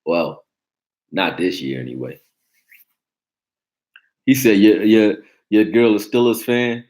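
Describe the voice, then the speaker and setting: Deep-voiced blunt sports talk host. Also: male voice, takes it slowly, a little mellow. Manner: blunt, profane, joking, reacting to chat. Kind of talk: casual sports talk livestream.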